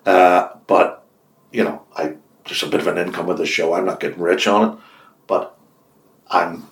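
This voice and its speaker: A low-voiced older man with an Irish accent recounts his past like a born storyteller. He jumps up in pitch to play the people in his tales, and the recording has a noticeable room echo. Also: normal speed. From Ireland. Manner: lively storyteller, acts out quoted dialogue with big pitch jumps. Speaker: radio host, interview guest. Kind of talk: anecdotal storytelling in an interview. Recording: roomy echo.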